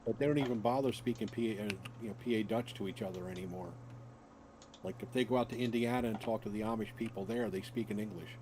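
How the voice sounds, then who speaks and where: An American man with a mellow, warm tone who chats in an animated way. Light laughter runs through his storytelling. Faint keyboard typing can be heard behind him. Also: lowish voice, quick pace, slight background noise, rough recording. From United States. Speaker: player. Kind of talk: casual chat.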